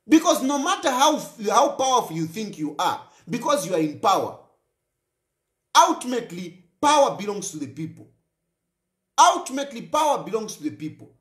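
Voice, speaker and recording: Impassioned Zambian man, lively high voice. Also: roomy sound. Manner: emphatic, repeats phrases for force. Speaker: talk show host. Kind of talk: impassioned political monologue.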